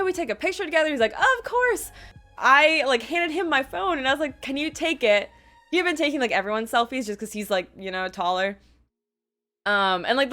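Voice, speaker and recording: A young woman telling a casual storytime vlog, bubbly and quick, full of "like" and acted-out quotes. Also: sits high, fairly bright tone. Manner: bubbly, quick, lots of "like" fillers and quoted voices. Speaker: vlogger.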